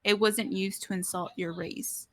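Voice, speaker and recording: A woman's voice: mid-range voice, steady tone, a little slow, a bit bright. A young woman in casual chat, speaking earnestly and giving her opinions.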